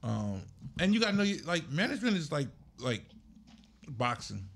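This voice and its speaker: A man's voice: a little high, sing-song, normal speed, vocal fry, fairly bright tone, breathy edge. A man, a music manager and podcast guest, telling blunt stories in casual chat. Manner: blunt, storytelling with laughs.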